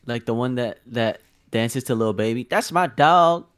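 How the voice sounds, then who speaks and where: Slow, smooth man cracking dry jokes. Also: mid-range voice, fairly bright tone. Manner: dry joking interjections. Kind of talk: casual chat.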